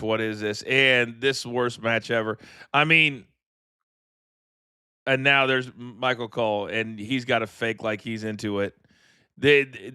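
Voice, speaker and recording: A middle-aged man hosting a live wrestling watchalong, ranting in animated, incredulous commentary from a studio mic. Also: medium pitch, smooth, no echo. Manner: animated, incredulous, rambling rants. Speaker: host.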